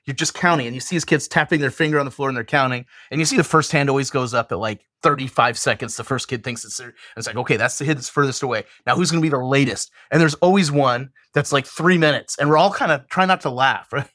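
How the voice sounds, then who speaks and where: Man, middle-aged, fast talker, animated storyteller, dry close sound. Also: mid-range voice, dry recording. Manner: animated storyteller, laughs often. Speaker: university student affairs administrator. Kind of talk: casual podcast chat.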